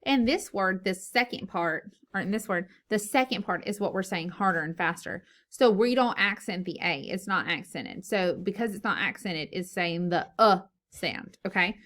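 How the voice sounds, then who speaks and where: A woman teacher leading a phonics lesson for young children, slow and encouraging, sounding out words syllable by syllable. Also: medium pitch, a bit bright. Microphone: recorded lesson video.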